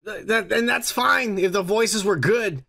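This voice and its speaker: A man's voice: high-pitched, a little slow, vocal fry, pushed and bright. A man co-hosting a podcast in casual chat, teasing his co-host and joking.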